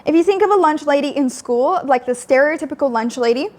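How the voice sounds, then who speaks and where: Young woman vlogger, fairly high voice, blunt, swears a lot, talks in fillers. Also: expressive, fairly quick, a little mellow. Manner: blunt and frank, swears often, many fillers. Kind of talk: candid storytelling.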